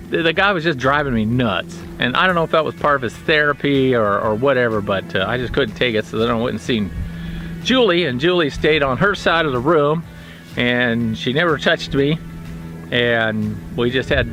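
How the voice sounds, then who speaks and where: Blunt, halting middle-aged man. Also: mid-range voice. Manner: plainspoken, blunt, halting with many fillers. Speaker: retired federal prison officer. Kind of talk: casual storytelling monologue.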